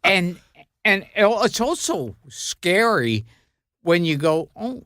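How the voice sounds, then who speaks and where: A man co-hosting a podcast who muses slowly and draws out his words. His pitch rises and falls a lot, and his tone is bright and tense. The recording is dry and close. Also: very animated, no room sound. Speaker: podcast co-host. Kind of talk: casual chat.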